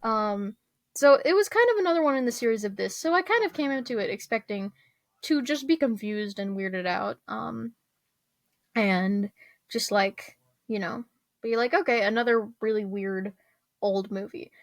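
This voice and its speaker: A woman's voice: fairly high pitch, animated, normal speed, no room sound. Rambling young woman ranting about a movie. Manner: rambling, lots of fillers and restarts, laughs often. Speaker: vlogger. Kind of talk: casual movie rant.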